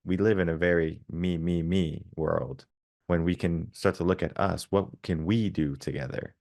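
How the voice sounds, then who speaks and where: A male podcast host with a very deep voice rambles through a reflection, full of "you know" and "like". The sound is close and dry, with no room around it. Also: fairly even intonation, moderate pace, a little mellow, no echo. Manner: reflective, rambling, many fillers. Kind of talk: podcast interview.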